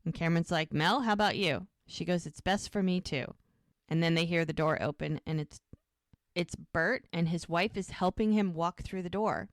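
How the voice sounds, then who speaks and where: A woman's voice: lowish voice, normal speed, no room sound, studio quality. A woman co-hosting a podcast, recapping a TV episode in casual chat and acting out the characters' lines. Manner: retells scenes acting out the lines in lively voices. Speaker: podcast co-host.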